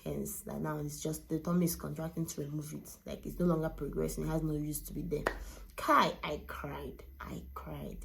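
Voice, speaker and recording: Young woman, low pitched, a bit of fry, emotional first-person storytelling. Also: flat delivery, moderate pace, slight background noise. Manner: candid, emotional, retelling with quoted dialogue. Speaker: vlogger.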